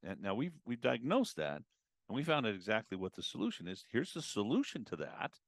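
A man talking as a guest on a podcast about customer communication, casual and animated, acting out customer conversations. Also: on the low side, fairly quick, dry recording, clean studio sound. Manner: animated, acts out customer and advisor exchanges. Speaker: automotive business consultant guest.

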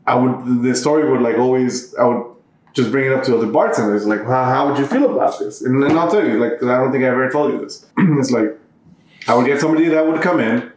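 A man's voice: mid-range voice, fast. Rambling man in an echoey room. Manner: rambling, many restarts and fillers. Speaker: bartender, podcast co-host. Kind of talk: casual chat, storytelling.

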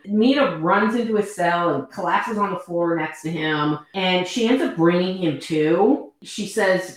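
Co-host, female, lowish, animated storyteller, recorded in a strongly reverberant room. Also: a little slow, few pauses. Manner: animated, quoting characters dramatically. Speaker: podcast co-host recapping a book. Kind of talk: casual chat retelling a story.

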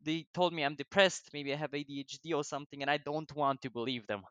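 A man's voice: fairly high pitch, fast, a bit bright, smooth, dry recording. A young man with a non-native English accent telling rambling, profane stories about his life, often laughing and digressing. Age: young adult. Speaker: vlogger. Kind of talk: rambling casual storytelling.

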